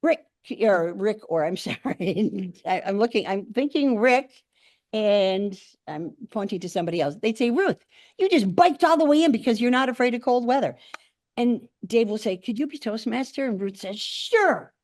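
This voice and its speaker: In a meeting room, an older woman entertains her speaking club with a humorous speech, animatedly acting out the quotes in her tales. Her pitch is fairly high and her speed normal. There's no echo, just clean studio audio.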